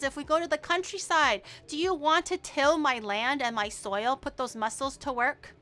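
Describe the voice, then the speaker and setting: A young woman streamer chatting casually to her viewers, animated and swearing, her voice swinging from loud bursts to low mumbles. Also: moderate pace, few pauses.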